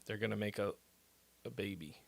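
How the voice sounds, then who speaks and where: A man's voice: fairly low pitch, fairly quick, gravelly, dry recording. A man hosting a casual livestream, reading chat and messages aloud, laughing often and muttering and swearing to himself. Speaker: livestream host giving song feedback.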